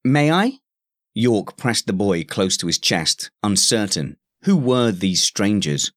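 Deep-voiced man narrating a story. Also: lively intonation, slow, fairly bright tone, no echo, clean studio sound. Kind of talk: scripted narration.

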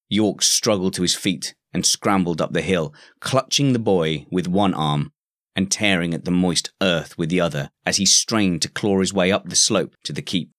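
Deep-voiced man narrating a story. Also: fairly bright tone, no room sound, studio quality. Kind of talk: scripted narration.

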